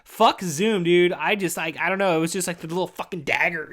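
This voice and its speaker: Man, 30s, podcast host; tired, rambling, profane delivery in a slightly high register. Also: brisk, few pauses, a bit bright. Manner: profane, rambling, says "dude" constantly; weary, venting. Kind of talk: casual rambling monologue.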